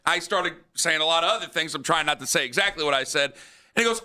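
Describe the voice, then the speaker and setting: A male sports radio host with a bright, pointed tone and a voice pitched a little above the usual. He chats casually into a studio mic and acts out conversations with lively energy. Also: quick pace. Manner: animated storyteller, acts out both sides of conversations.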